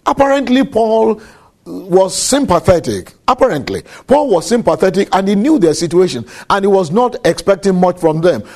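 A man preaching a sermon, measured and deliberate, repeating key phrases for emphasis. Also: high voice, big pitch swings, darkish tone.

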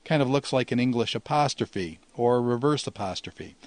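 A man explains Greek grammar in a steady, methodical teaching voice. He slows down to sound out each Greek example. The recording is dry and close, with no room echo. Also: mid-range voice. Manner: measured, explanatory, slows to pronounce Greek words.

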